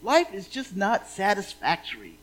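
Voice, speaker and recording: A woman's voice: mid-range voice, huge pitch swings, normal speed, low-quality recording. A woman minister giving a sermon in a playful, conversational way.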